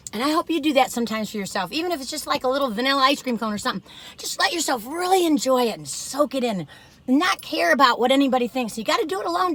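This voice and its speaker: A fairly high, sharp-toned voice belongs to an older woman in her car. She's a vlogger tasting cookies, and her casual chat is full of gushing and giggles.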